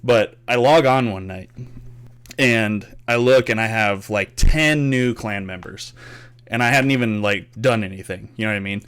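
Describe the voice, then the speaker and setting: Clear and resonant, his lowish voice moves at normal speed as this young podcast host shares gaming stories in casual conversation. His telling is animated, peppered with free swearing and acted-out quotes.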